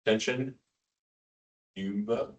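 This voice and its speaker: A lower-voiced man lectures ICU staff in a relaxed, joking way, firing quiz questions at the room. His voice is picked up from a distance in a hospital teaching room, so it sounds a little removed. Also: extremely slow, highs cut off. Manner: informal, joking, quizzes the audience.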